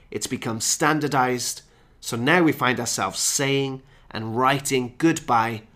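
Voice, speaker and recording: A man's voice: medium pitch, a bit bright. Man explaining phrases to English learners. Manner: explanatory, varies pace to stress key phrases. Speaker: English teacher and podcast host. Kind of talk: podcast lesson for English learners.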